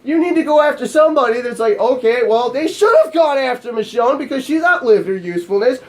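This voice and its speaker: A man with a high voice, for a man, rants on camera as a gaming YouTuber. He swears constantly and sounds exasperated, then turns on himself with mocking asides. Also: expressive, a little fast. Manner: profane, exasperated ranting; self-mocking. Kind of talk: angry vlog rant.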